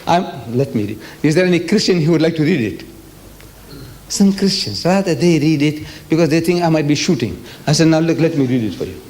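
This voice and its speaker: A man's voice: a little high, brisk. Emphatic older man from South Africa lecturing. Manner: emphatic, animated storytelling with questions to the audience. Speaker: religious lecturer. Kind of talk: public lecture.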